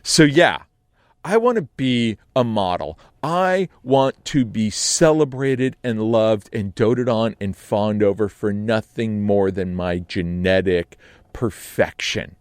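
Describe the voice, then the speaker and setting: A man's voice: fairly low pitch, lively intonation, takes it slowly, dry recording. A man telling a comic story in a radio studio, in a theatrical, self-mocking way. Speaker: storyteller guest.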